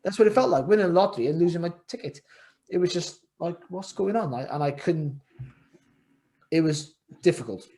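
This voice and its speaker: Middle-aged man, podcast guest, rambling and reflective, voice a touch high. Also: animated, a little fast, warm tone. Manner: rambling, repeats words and restarts often, reflective. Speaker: guest, former world champion boxer. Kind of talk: candid podcast interview.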